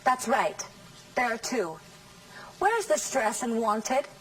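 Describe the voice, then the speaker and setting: A woman teaching English in a scripted classroom lesson, saying model sentences slowly and carefully. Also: fairly high pitch, lively intonation, fairly bright tone, recorded from a distance, low-quality recording. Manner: slow, careful, over-articulated model sentences.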